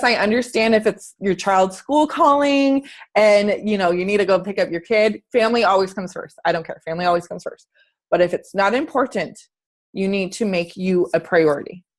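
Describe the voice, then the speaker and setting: A woman fitness coach giving an earnest, chatty motivational talk on a group video call, asking her listeners questions. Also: mid-range voice.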